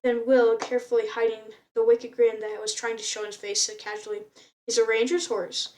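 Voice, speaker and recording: A woman's voice: a little high, completely flat delivery, a little fast, warm tone, recorded from a distance. Woman reading aloud, stumbling often. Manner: unpolished reading, frequent stumbles and restarts. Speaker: reader.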